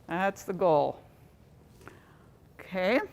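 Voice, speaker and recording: A woman's voice: on the low side, extremely slow, gravelly, darkish tone. Chatty woman presenting a training workshop. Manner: conversational, chatty, jokes with the audience.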